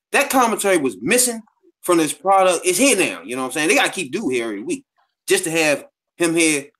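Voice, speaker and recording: Man, podcast co-host, casual chat, slangy, filler-heavy, slightly high voice. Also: fairly bright tone. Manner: slangy and loose, repeats filler phrases.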